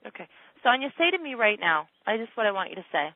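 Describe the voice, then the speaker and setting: A woman's voice: mid-range voice, sing-song, quick pace, no room sound. Woman, coach, insistent, emphatic, phone-line sound, dry.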